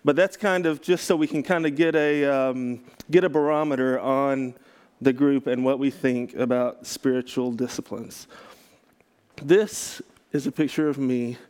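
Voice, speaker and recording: Man, pastor from Texas, relaxed teaching talk, clean resonant voice, middle pitch, self-correcting. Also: unhurried, clear, resonant tone. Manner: conversational, self-correcting, joking asides. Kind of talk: casual teaching talk to a group.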